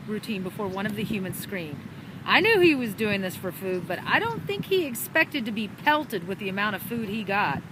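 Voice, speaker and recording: A woman reading a children's storybook chapter aloud with an animated, dramatic delivery, recorded outdoors in a park. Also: medium pitch. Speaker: storybook reader. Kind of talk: expressive storybook narration. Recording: outdoor park with traffic noise.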